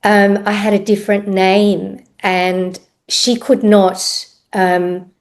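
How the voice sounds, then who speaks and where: A middle-aged woman telling her own story as a podcast guest, reflective and halting, often pausing with "um". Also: mid-range voice, little pitch movement. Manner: reflective, unhurried, pauses with ums. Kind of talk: personal story in interview.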